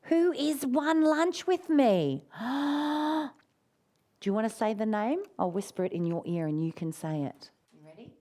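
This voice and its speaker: A woman's voice: fairly high pitch, lively intonation, measured pace, mellow. A woman hosting a live online session, effusive and encouraging, who calls her viewers darling and often gasps and cheers. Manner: affectionate, calls people darling. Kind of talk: live-streamed casual talk to viewers.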